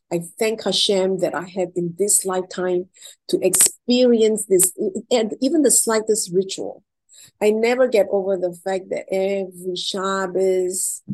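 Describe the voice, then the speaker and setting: A middle-aged woman with a medium-pitched, darkish voice is being interviewed over poor audio. She shares heartfelt personal stories emotionally and effusively, repeating words when she's moved.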